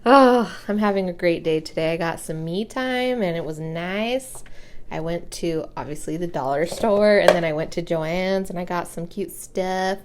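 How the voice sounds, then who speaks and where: A woman's voice: fairly low pitch, takes it slowly. A young woman chatting casually as she walks through a craft project, giggling and humming to herself while she works. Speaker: crafting vlogger. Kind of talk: casual craft tutorial chat.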